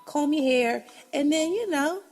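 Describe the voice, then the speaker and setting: A woman's voice: high-pitched, lively intonation, measured pace, darkish tone, faint music behind. A woman hosting a casual solo podcast, blunt and profane, laughing often, a bit congested. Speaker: podcast host.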